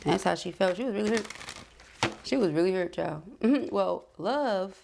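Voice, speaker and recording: A woman's voice: mid-range voice, animated, moderate pace, vocal fry, noisy background. A woman giving a casual, reassuring tarot reading who talks to the listener as beloved and honey. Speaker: tarot reader.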